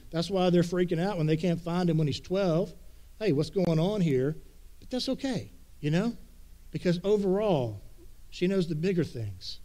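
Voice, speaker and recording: Conversational male preacher, slightly high voice. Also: a little mellow. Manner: conversational, paraphrases scripture in casual speech. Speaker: pastor. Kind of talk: sermon.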